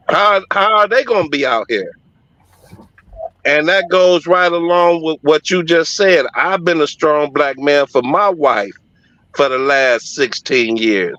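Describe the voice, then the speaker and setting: Middle-aged man, forceful bright tone, emphatic and heartfelt storyteller, dry dull lo-fi recording. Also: on the high side, animated, measured pace, no room sound. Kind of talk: personal storytelling.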